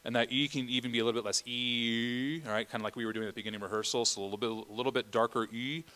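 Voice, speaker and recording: A middle-aged man leads a church choir rehearsal in a relaxed, chatty way. His voice sits at a middle pitch, and he keeps breaking into sung vowels and short phrases to show the singers what he wants. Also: very fast. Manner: chatty, sings vowel and Latin examples. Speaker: choir director.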